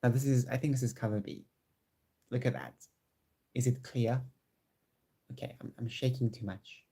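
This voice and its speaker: Casual home vlogger, male, mid pitch, eager and rambling, restarts his sentences a lot. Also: normal speed, vocal fry, husky. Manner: chatty and excitable, with many restarts. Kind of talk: casual chat to camera. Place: home room with squeaky chairs.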